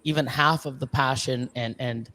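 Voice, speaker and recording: A man on a livestream, a snake breeder, telling stories with lots of swearing and quick voiced quotes of other people. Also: mid-range voice, fairly even intonation, bright, forceful tone, a little hiss or hum. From Canada. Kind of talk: casual livestream chat.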